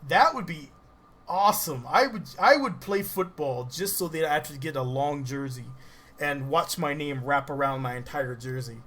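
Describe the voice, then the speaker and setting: A man's voice: fairly high pitch, moderate pace, bright, forceful tone. A man streaming a video game, chatting casually, rambling and joking to himself as he plays. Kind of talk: casual live-stream chat while playing.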